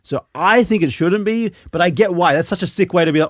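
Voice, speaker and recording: A man hosting a casual podcast chat, explaining comic lore with laughs, swearing and quick acted-out asides. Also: high-pitched, no echo, clean studio sound.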